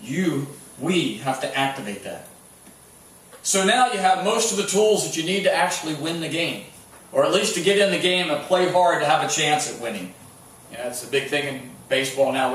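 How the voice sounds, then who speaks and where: A male pastor delivers a sermon in a slightly higher voice, telling stories in a relaxed, conversational way with frequent restarts. He is recorded from a distance in a very echoey church hall with a faint hum of room noise. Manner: storytelling with sports anecdotes, many restarts. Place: church sanctuary.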